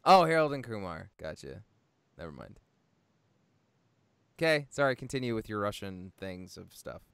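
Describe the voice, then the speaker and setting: A young man co-hosting a loose podcast, quick to toss in wry jabs. His voice is bright and crisp, with a lively pitch. The sound is close and dry. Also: no echo. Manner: wry, teasing, quick to interject. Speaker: podcast co-host. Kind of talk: casual podcast chat.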